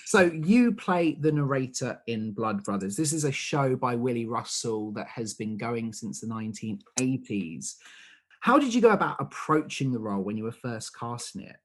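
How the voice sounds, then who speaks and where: A man's voice: mid-range voice, animated, normal speed. Eager male podcast host. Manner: enthusiastic, eager interviewer. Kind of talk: podcast interview.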